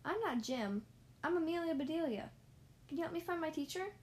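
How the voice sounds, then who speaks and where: A woman doing a high, eager little girl. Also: animated, a little fast, a little mellow. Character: excitable literal-minded little girl.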